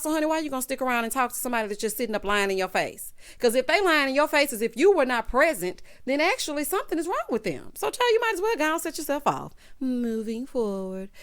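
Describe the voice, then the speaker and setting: A woman in her thirties giving sassy, animated commentary on a reality show, talking straight to her viewers. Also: fairly high pitch. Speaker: reality show recap host. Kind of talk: casual commentary.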